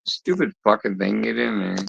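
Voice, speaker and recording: A man's voice: fairly low pitch, big pitch swings, moderate pace, gravelly, fairly bright tone, breathy edge, lo-fi sound. A man hosting a live stream who talks to his viewers bluntly and swears heavily as he scolds them. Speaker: livestream host of a fishing channel.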